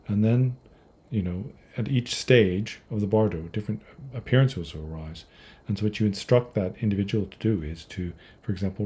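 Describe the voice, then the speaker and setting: A man with a very husky, breathy voice that sits fairly low and dark. He speaks loosely on a livestream Q&A, wandering between points and restarting his sentences as he teaches Buddhism to his viewers. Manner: conversational, digressive, with restarts and acted quotes. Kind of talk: livestream Q&A talk.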